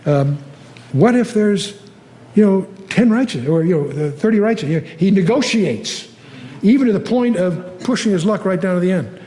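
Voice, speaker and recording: An older man teaching the Bible verse by verse in a conversational way, often pausing with fillers and lifting his voice to read scripture aloud. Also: high-pitched, animated, mellow. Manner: conversational, reads scripture aloud with rising emphasis, frequent fillers.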